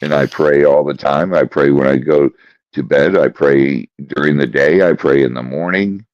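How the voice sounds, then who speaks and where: A man co-hosting a podcast, telling a story in a slow, deliberate way. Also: a bass voice, darkish tone, no room sound. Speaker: podcast co-host. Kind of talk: casual chat. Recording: dry, dull lo-fi sound.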